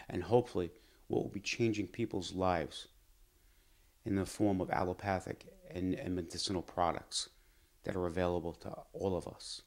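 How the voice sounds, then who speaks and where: A middle-aged doctor tells his own story in a measured, earnest way. His voice sits very low and deep. He speaks reflectively, like someone looking back on a lesson he has lived by. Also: darkish tone. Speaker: physician and pharma executive. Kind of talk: personal storytelling to camera.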